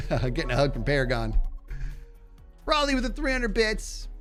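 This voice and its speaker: A man's voice: fairly high pitch, wildly swooping pitch, measured pace, fairly bright tone, faint music behind. A man with a nasal voice chatting casually on a gaming livestream, reading and answering his chat as he plays. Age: adult. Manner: chatty, reads and answers chat while playing. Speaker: streamer.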